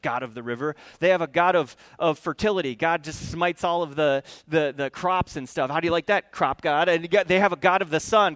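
A man preaching a sermon in an animated, conversational way, with quick asides to the congregation. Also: high-pitched, no echo. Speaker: pastor.

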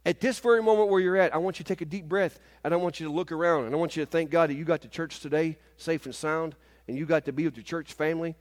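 A man in his fifties preaching a sermon in a church service, animated and often asking the congregation "Amen?". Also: a little high, fast talker, big-room sound. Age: 50s.

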